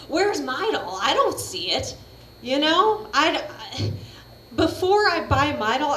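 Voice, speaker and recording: A woman's voice: on the high side, noisy background. A woman doing a stand-up comedy set, talking in a brash, chatty, profane way and laughing at her own jokes. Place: comedy venue at a coffee shop. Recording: roomy live stage recording with crowd. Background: audience laughter.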